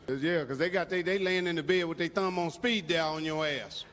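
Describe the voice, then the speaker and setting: A man's voice: a little high, a little fast, fairly bright tone. A middle-aged man doing a crude, rowdy stand-up comedy routine, telling stories full of profanity on a theater stage. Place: large theater stage with a live audience. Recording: reverberant live hall, audience noise.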